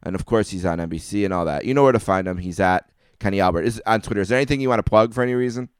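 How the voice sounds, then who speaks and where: Low-voiced chatty male podcast host. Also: racing, smooth, no room sound, studio quality. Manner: rambling, self-interrupting, chatty. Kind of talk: casual interview chat.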